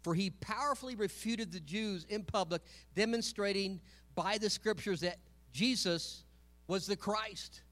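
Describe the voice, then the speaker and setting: A man's voice: sits high, unhurried, a bit bright. A man preaching a sermon in a conversational way, often repeating and correcting himself and calling out to the congregation. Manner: calls out to the congregation.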